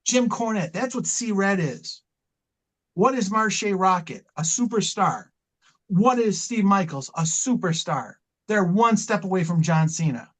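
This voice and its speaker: A man's voice: high-pitched, lively intonation, unhurried, fairly bright tone, poor audio. A middle-aged man, a wrestling manager, telling long impassioned stories in an interview, rambling and repeating himself as he goes. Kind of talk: storytelling interview talk.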